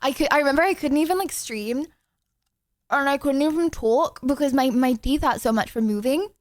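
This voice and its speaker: Bubbly high-voiced young woman streamer. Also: a little fast, no room sound. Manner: chatty, bubbly, full of "like" fillers. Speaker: streamer host. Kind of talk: casual livestream chat.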